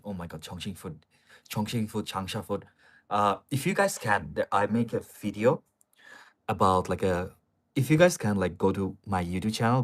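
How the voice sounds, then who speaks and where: A man hosting a casual live stream, chatting straight to his viewers with plenty of fillers. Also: sits low.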